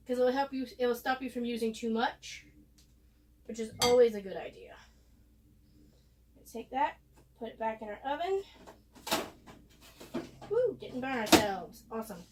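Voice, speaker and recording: A woman's voice: on the high side, darkish tone, a little hiss or hum. A woman talking casually through a cooking demonstration in her home kitchen, chatty and explaining each step as she goes. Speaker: cooking vlogger. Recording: voice a bit far from the mic.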